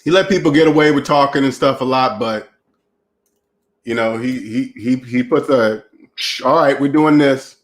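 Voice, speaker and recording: A man's voice: medium pitch, steady tone, normal speed. A man hosting a livestream, ranting in a preachy, mocking way while reading chat, with a voice still getting over a cold. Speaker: channel host.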